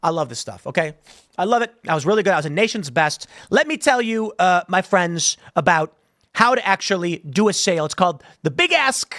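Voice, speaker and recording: A man hosting an animated political commentary show, blunt and conversational, with a sarcastic edge. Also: sits high, fairly quick, no room sound, clean studio sound. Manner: sarcastic, mocks canvassers with impressions.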